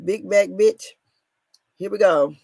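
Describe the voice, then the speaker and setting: A woman in her thirties casually recapping reality TV drama, animated and laughing, her voice swinging between loud and soft. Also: medium pitch, slow, creaky, dry recording. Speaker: commentary show host.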